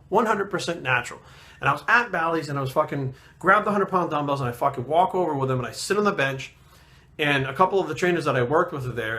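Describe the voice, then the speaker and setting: A man's voice: a little high, sharp tone. A man in his thirties, a fitness trainer ranting to camera in a profane, aggressive, emphatic way. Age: 30s. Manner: aggressive, swearing constantly, emphatic.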